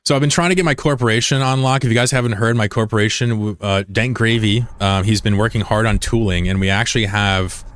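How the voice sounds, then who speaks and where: A man from the United States chats live with his stream viewers in a blunt, profane way. His voice sits low, and the recording is dry and close, with no room sound. He argues readily with critics in the chat. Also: fairly even intonation, fast, hardly any pauses, a bit bright, smooth, no echo. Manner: blunt and profane, often swearing; argumentative when answering critics. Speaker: livestreamer. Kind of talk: casual livestream chat with viewers.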